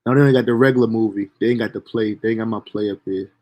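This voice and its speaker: Young guy telling a story from his life, swears a lot, gets real animated. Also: fairly low pitch, quick pace. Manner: animated, profane, laughs at own story. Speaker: storyteller streamer. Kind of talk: casual storytelling monologue.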